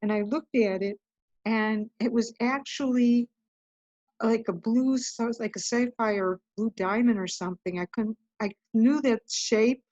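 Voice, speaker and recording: A woman's voice: fairly high pitch, fairly even intonation, unhurried, a little mellow, no echo, dull audio. A woman guest telling a personal story in a casual, chatty way, often saying "I'm like". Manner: chatty, recounts events with lots of "I'm like". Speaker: podcast guest.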